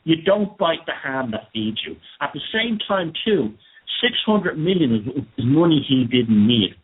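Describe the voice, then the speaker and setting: Husky, indignant male commentator. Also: on the high side, very animated, measured pace. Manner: indignant and conversational, with repeated emphasis. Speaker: commentator host. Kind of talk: monologue commentary. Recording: tinny phone-like sound.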